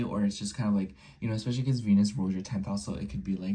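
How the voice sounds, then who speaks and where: Man, sick-ish, mellow and husky, loose chatty tarot reader who drifts into whispers. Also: on the low side, fairly even intonation, very fast. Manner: rambling, many filler likes, slips into soft whispers. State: a little sick. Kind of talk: casual horoscope reading.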